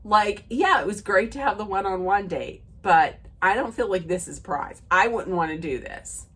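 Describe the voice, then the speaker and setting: A woman's voice: medium pitch, expressive, normal speed, fairly bright tone, husky. A woman recapping a reality dating show in a casual, rambling rant, with many fillers and restarts, quoting the cast as she goes. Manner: retells scenes by quoting the cast.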